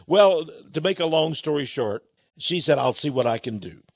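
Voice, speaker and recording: Guy preaching a sermon, kinda high voice, folksy and chuckly, dry close sound. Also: lively intonation, normal speed, creaky, no room sound. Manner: folksy, chuckling, addresses listeners as friends. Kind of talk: sermon with a personal story.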